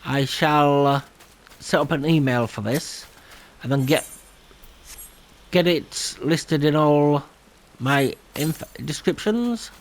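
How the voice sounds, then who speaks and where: A man's voice: a little high, takes it slowly, pauses often. A man hosting a gameplay video, rambling and self-deprecating and laughing often. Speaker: gaming channel host. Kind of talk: casual gameplay commentary.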